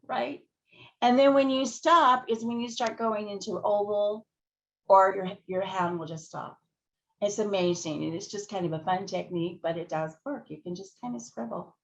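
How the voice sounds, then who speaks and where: A woman giving a conference talk that walks listeners through calming techniques, speaking in a gentle, guiding way and chuckling often. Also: medium pitch, normal speed. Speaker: plenary speaker. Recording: dull lo-fi audio.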